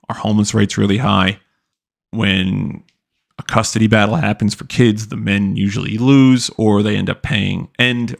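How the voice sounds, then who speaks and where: Brief: young male podcast host, low and gravelly, loose profane rant. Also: a bit bright. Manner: loose, profane, lots of "like" fillers. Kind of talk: casual commentary rant.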